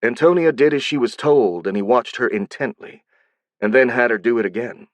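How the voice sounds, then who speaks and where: A man reading an audiobook in a steady, even scripted narration. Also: medium pitch, moderate pace, no room sound.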